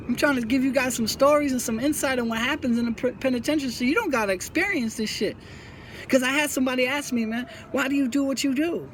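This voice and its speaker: High-pitched New man preaching to kids. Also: slight background noise. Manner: preachy, repeats himself, stumbles and restarts often. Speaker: YouTube host talking about prison life. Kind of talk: earnest casual monologue to viewers.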